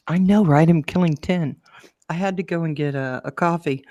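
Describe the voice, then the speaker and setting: Animated woman telling a story. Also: normal speed, dry recording, muffled recording. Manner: lively storyteller, acts out quotes in a high voice. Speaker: show co-host. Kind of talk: casual chat, animated storytelling.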